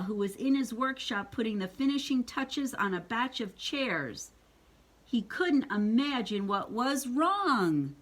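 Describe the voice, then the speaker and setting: Slow, animated woman reading a storybook. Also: on the high side. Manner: playful, asks the listener questions. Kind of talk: reading a picture book aloud to a child.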